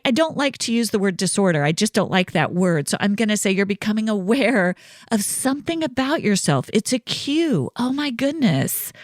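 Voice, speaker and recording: A woman's voice: a little high, no room sound, studio quality. A woman hosting a podcast, explaining ideas in a casual, reassuring way and often checking in with "right?". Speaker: podcast host and counselor. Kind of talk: casual solo podcast teaching.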